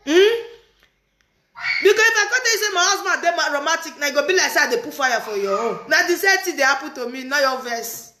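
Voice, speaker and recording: Bright high-voiced woman with Pidgin accent. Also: fast talker, a little hiss or hum. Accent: Nigerian Pidgin. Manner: teasing, laughing often, animated. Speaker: vlogger reacting to a video. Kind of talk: casual chat. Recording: roomy echoey room.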